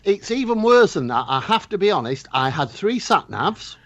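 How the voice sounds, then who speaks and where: A man's voice: sits high, big pitch swings, normal speed, a bit bright, no echo, dull audio. A man co-hosting a casual chat show, telling jokey stories with plenty of animation. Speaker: co-host. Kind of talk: casual banter.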